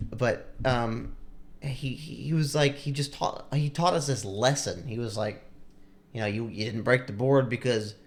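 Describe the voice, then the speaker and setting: Rambling man telling a story. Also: lowish voice. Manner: rambling, full of likes and restarts. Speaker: podcast co-host. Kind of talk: casual storytelling.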